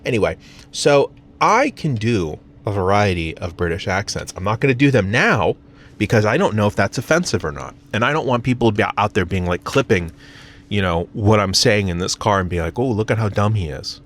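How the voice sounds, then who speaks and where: Low-voiced American man rambling in his car. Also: animated, a little fast, fairly bright tone, slight background noise. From United States. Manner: rambling, self-mocking, many fillers and restarts. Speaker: vlogger. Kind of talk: casual rambling vlog. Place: parked car, in the sun.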